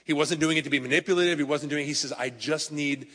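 A man preaching a sermon with a voice pitched a little above the usual for a man. He tells stories in a conversational way and talks straight to the congregation. His voice carries a long reverb, like the sound of a church sanctuary. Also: steady tone, racing, a bit bright. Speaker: pastor.

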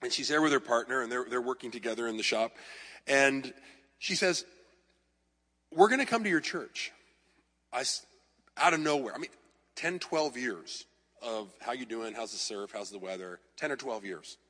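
Bright-voiced pastor telling sermon stories. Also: male voice, mid-range voice, normal speed. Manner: lively anecdotes with self-deprecating humor. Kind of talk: storytelling sermon. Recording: long reverb of a large hall.

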